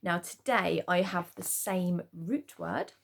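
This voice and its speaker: Woman teacher, lowish voice, creaky and gravelly, chatty home spelling lesson. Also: slow pace. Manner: chatty explanations, frequent "okay?" check-ins. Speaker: primary school teacher.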